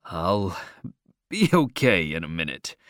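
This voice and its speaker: A man reading a story aloud and voicing a nervous, soft-spoken teenage boy in a slightly lowered, hesitant voice. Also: very animated, takes it slowly, no echo, clean studio sound, heavily acted. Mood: shy.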